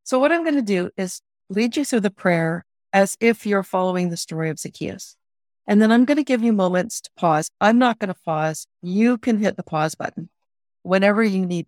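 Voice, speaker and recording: A woman with a fairly low voice teaches a guided prayer practice informally. She speaks earnestly and plainly, with frequent restarts. The sound is close and dry. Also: moderate pace, no room sound. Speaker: spiritual director teaching prayer.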